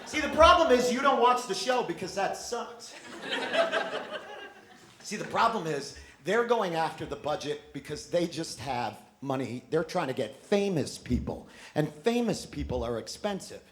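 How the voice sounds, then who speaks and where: A man doing a stand-up set in a theater, loud and mocking, swearing and acting out voices. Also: a little high, big pitch swings, normal speed. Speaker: stand-up comedian. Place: theater stage before a live audience. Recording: echoey live theater recording with noise.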